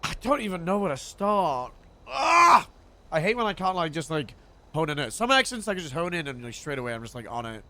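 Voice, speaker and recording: A chatty male streamer rambles and laughs through a casual live stream. His pitch is a little high and moves around a lot. Faint noise sits behind him. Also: sing-song, fairly quick, pushed and bright.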